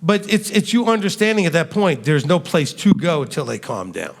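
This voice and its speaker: A man leading a question-and-answer teaching session, animated and acting out the lines he quotes. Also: a little high, normal speed, gravelly, big-room sound. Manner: animated, acts out quoted dialogue.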